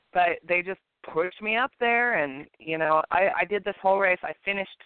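A woman's voice: mid-range voice, measured pace, smooth, dry recording. Woman telling a story over a tinny line. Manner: animated, acts out the people in her story. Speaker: podcast co-host. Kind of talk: casual chat, personal storytelling. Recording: tinny phone-line sound.

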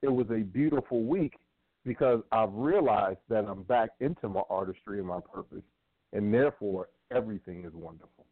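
A man's voice: on the low side, moderate pace, no echo. Reflective man co-host on a phone line. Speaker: radio co-host. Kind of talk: casual radio talk. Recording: phone-like narrow sound.

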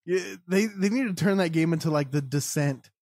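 A man guesting on a gaming podcast, chatty and quick to laugh. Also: a little high, darkish tone, no echo, clean studio sound. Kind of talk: casual chat.

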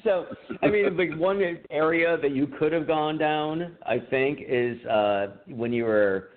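A man's voice: fairly high pitch, measured pace. A man co-hosting a podcast in casual chat, joking around with a profane, laughing manner. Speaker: podcast co-host. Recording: tinny phone-like audio.

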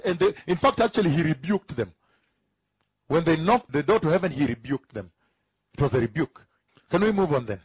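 A man preaching a teaching sermon, emphatic, who repeats key phrases slowly, asks rhetorical questions and chuckles between points. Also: sits high, slightly rough, dry recording, rough recording.

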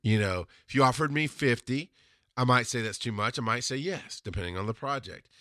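A man's voice: medium pitch, fairly quick, pushed and bright, dry recording, clean studio sound. A man hosting a podcast, talking casually and giving mentoring advice through personal stories. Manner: chatty and mentoring, tells stories and acts out customers. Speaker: podcast host.

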